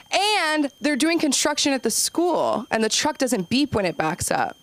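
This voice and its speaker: A young woman doing open mic stand-up, rambling and self-deprecating, acting out quoted voices with sudden jumps up in pitch. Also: very animated, measured pace, few pauses. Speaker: stand-up comedian.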